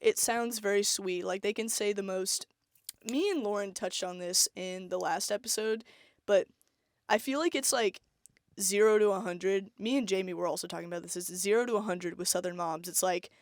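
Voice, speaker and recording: A young woman chats on a podcast, lively and full of laughter as she tells stories. Her voice sits at a middle pitch and is recorded dry and close, with no room echo. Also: moderate pace. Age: young adult. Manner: lively, laughs often, storytelling. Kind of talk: casual chat.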